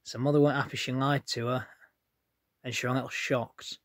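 A chatty man tells a rambling story of his own to his viewers. His voice sits at an ordinary middle pitch, and the room sounds dry and close. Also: fairly even intonation, fairly quick, no room sound. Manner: chatty, rambling, plain-spoken. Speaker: vlogger. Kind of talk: casual storytelling to camera.

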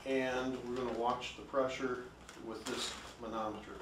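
A man's voice: medium pitch, flat delivery, moderate pace, reverberant, recorded from a distance, noisy background. A man working as a respiratory therapist, explaining a treatment and its equipment at the bedside in a patient, step-by-step way. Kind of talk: bedside instruction and demonstration.

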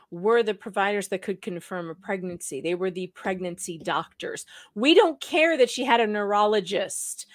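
A woman talks through a court case in a casual podcast, hammering her points home by repeating them. Her voice sits at an ordinary pitch and the recording is dry and close, with no room sound. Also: no echo. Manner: emphatic, repeats points for stress. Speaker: podcast co-host, legal commentator. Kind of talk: casual legal commentary.

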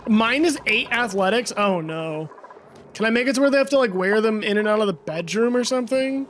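High-voiced man musing through a game. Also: animated, fairly quick, a bit bright, slight background noise. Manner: rambling, puzzled, asks himself questions aloud. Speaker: streamer. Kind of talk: live gameplay commentary.

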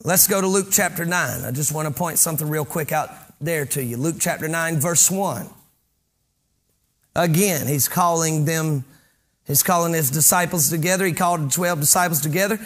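A man preaching with a high, ringing voice and a sharp, forceful edge. He reads a verse, pauses to unpack it, then drives his point home until he is nearly shouting. Fervent pulpit delivery. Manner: reads scripture aloud and stops to explain it. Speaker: pastor. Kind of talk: sermon.

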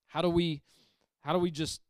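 A male pastor delivers a sermon in a smooth, resonant voice pitched a little high. He drives points home through repetition, swinging between forceful emphasis and quiet intensity. The sound is close and dry, with little room echo. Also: level tone, normal speed. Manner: emphatic, repeats phrases, shifts from loud to hushed. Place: church sanctuary.

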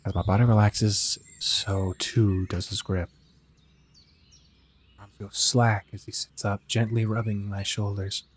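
A man's voice: on the low side, flat delivery, a little slow, slightly rough. A man hosting a let's play, reading a visual novel aloud and commenting casually, swearing a lot in a laid-back, rambling way.

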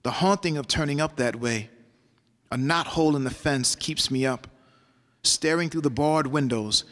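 A man performs spoken-word poetry on a lecture-hall stage, riding a rhythmic, rhyming flow. His voice sits somewhat high. The hall gives every line a long reverb tail. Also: moderate pace, fairly bright tone.

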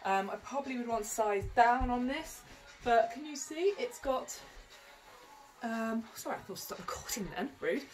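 Woman, shop owner, rambling self-mocking try-on chat, lightly raised pitch. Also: animated, normal speed, darkish tone, soft background music. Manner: chatty, rambling and self-mocking, lots of ums. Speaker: boutique owner. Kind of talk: casual fashion try-on vlog.

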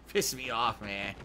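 Forceful, profane man streaming a game. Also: on the high side. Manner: profane, ranting; emphatic, heated. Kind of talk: casual gameplay chat.

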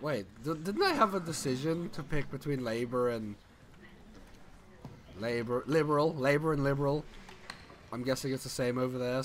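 A man's voice: medium pitch, fairly bright tone, a little hiss or hum. A young man in his late teens, a little drunk, rambling and giggling as he plays a game and loses his train of thought. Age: young adult. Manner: rambling, giggly, swears a lot. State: tipsy from drinking. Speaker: let's play commentator. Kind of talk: casual gaming commentary.

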